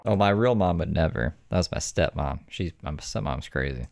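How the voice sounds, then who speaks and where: A man's voice: rumbling low, lively intonation, moderate pace, gravelly, darkish tone. A man chatting casually and telling rambling, profane, wry anecdotes. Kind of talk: casual chat, storytelling.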